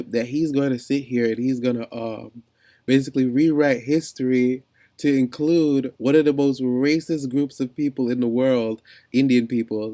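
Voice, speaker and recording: A man ranting in a casual reaction vlog, talking in a mid-pitched voice. He rambles, restarts often and sounds incredulous as he reads an article aloud. The sound is close and dry. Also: warm tone, no room sound. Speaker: commentary vlogger.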